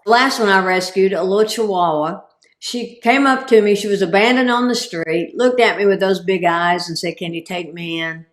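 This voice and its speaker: A woman's voice: medium pitch, moderate pace, echoey room. A woman giving a humorous, self-deprecating talk as a guest speaker and cancer survivor. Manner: comic, self-deprecating delivery.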